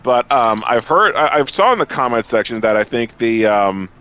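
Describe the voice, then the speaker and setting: A man's voice: medium pitch, sing-song, moderate pace, a bit bright, smooth. A man playing an online game with friends, exasperated and swearing freely as he talks. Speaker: gamer in a co-op group. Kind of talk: casual gaming voice chat.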